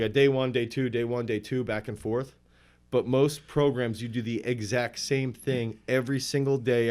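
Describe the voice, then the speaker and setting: A man who coaches throwers, talking in a rambling, animated way in a relaxed podcast interview. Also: medium pitch.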